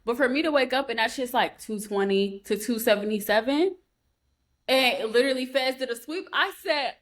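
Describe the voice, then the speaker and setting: A woman co-hosting a podcast, telling a story in a heated, profane, animated way. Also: on the high side, fairly quick. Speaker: podcast co-host. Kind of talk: casual chat.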